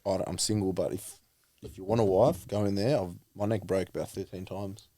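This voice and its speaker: A man's voice: low voice, fairly even intonation, a little fast, mellow, no echo. A young man, a rugby player guest on a podcast, talking in a laid-back, rambling way. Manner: laid-back, rambling, lots of fillers and laughs. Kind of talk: casual chat.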